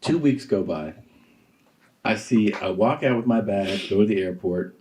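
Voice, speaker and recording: A man's voice: lowish voice, a little slow, a little mellow, slight background noise. A male comedian telling a story in casual podcast chat. He swears freely, laughs as he talks and mimics the people in his story. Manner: profane, laughs while telling, mimics other people's voices.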